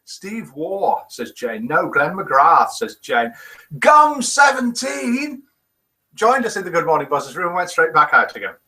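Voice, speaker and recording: A middle-aged man from the United Kingdom hosts a casual live morning broadcast, reading viewer comments aloud with playful, chuckling banter. His voice sits fairly high and swings widely in pitch. The tone is bright and forward. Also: normal speed, few pauses, low-quality recording. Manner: lively, chuckling, playful quiz-master banter. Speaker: host of a daily live show.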